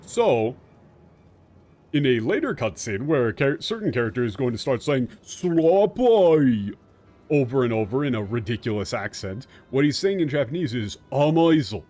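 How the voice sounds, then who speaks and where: A male streamer explains a game's lines at length, in a loose and chatty way. He gets animated and swears often, talking into a streaming mic. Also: medium pitch, normal speed, faint music behind. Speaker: streamer translating a game. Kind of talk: casual game commentary.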